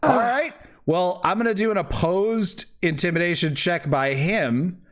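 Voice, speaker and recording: A man's voice: high-pitched, measured pace. A man narrating as game master for a tabletop game, laughing often and hesitating with fillers.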